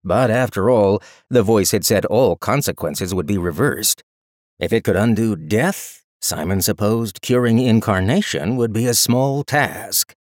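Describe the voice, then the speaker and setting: A man narrating a fantasy audiobook in an expressive, dramatic storytelling style on a close studio mic. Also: on the low side, a little slow, dry recording. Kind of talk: scripted narration.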